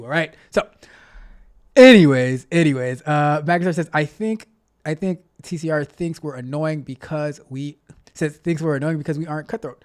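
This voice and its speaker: A man with a high-ish voice runs a relaxed tech livestream at a moderate pace. As a tech coach, he keeps things playful and motivational with his viewers, often saying the same things over and over.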